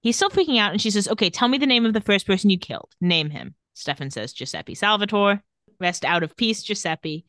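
A woman's voice: medium pitch, expressive, fairly quick, fairly bright tone, no echo, studio quality. A woman co-hosting a casual podcast, retelling scenes and quoting characters' lines, laughing often. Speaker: podcast co-host recapping a TV episode. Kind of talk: casual chat.

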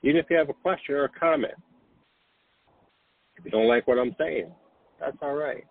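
A man hosting a late-night spiritual podcast, gently reassuring listeners and guiding them to breathe and relax. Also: medium pitch, brisk, creaky. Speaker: podcast host. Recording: dry, phone-like narrow sound.

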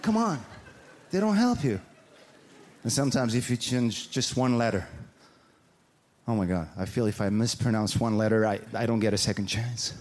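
A man with a French accent, a native French speaker, performing an animated, playful, self-mocking stand-up routine on a comedy stage. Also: mid-range voice, normal speed, long pauses. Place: comedy stage before a live audience. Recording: live show with audience noise.

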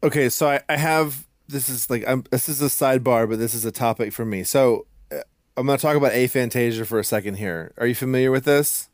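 A man's voice: medium pitch, brisk, no room sound, studio quality. A male podcast host asking curious, rambling questions in casual chat.

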